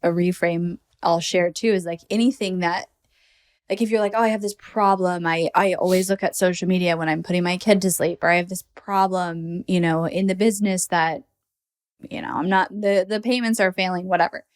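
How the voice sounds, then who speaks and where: A woman's voice: lowish voice, fairly quick. Chatty woman guest telling stories. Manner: animated, many "like" fillers, acts out her own inner voice. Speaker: podcast guest, entrepreneur. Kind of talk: casual conversational storytelling.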